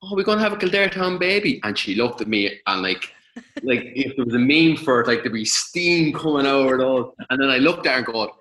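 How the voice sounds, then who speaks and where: Fast-talking man in an echoey room. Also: mid-range voice, fairly bright tone. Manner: fast and rambling, fills with "you know what I mean". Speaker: husband and father. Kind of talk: casual conversation.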